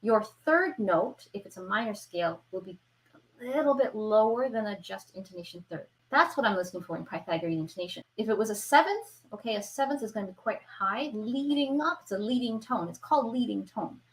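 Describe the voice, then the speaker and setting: A woman's voice: medium pitch, animated, brisk, low-quality recording. A woman teaching an online violin lesson, who explains patiently and keeps checking in with her viewers. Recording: violin playing between phrases.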